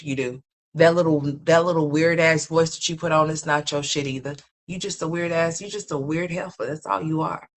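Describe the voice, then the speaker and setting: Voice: medium pitch, fairly bright tone. A blunt, profane gossip commentator. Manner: rambling, repeats phrases for emphasis.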